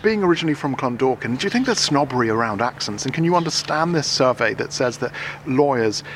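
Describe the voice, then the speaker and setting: A man's voice: mid-range voice, animated, quick pace, a little hiss or hum. A man working as a radio correspondent, interviewing people with chatty, curious questions. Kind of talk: on-the-street reporting and interviewing. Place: busy train station.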